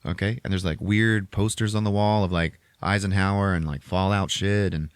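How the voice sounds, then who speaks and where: Profane, rambling low-voiced podcast host. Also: male voice, fairly even intonation, moderate pace, smooth, no room sound, clean studio sound. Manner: profane and rambling, lots of filler. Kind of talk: casual movie recap chat.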